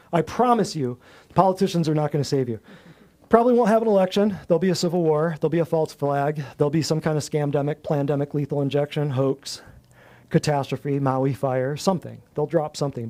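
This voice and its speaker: A man with a somewhat high but mellow, warm-toned voice rants to a live group. He is blunt and folksy, throws in slang, and stacks one item after another in long emphatic lists. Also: a little fast. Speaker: natural health clinic host. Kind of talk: preachy talk to a live group.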